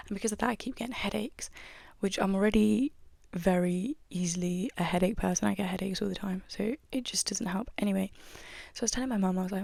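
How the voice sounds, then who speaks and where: A woman's voice: mid-range voice, steady tone, fairly quick, creaky, darkish tone, no echo. A young woman hosting a podcast, chatting in a rambling, casual way with lots of likes and you-knows. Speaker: podcast host. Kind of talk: casual chat.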